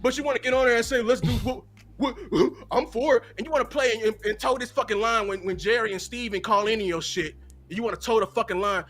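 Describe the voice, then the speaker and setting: A man's voice: high voice, fast talker, a bit bright, soft background music. A man content creator ranting angrily and profanely on a watch-party stream, with stumbling repeats. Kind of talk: heated casual rant.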